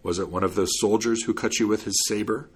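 A man's voice: lowish voice, steady tone, quick pace, husky. A man voicing a stern male judge who speaks dismissively.

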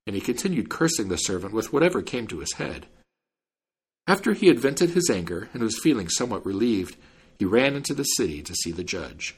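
Expressive man reading a fairy tale. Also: fairly low pitch, fairly quick, husky. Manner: expressive and animated. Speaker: storyteller.

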